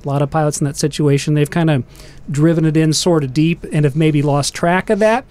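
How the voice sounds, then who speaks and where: A man explaining aviation safety in a calm, steady manner during a casual panel talk. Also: on the high side, fairly quick.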